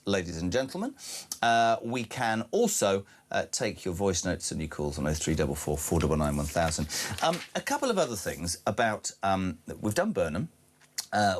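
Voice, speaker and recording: Animated radio host, lively pitch. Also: male voice. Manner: animated, indignant, reads out listener messages. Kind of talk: radio phone-in chat. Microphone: studio microphone.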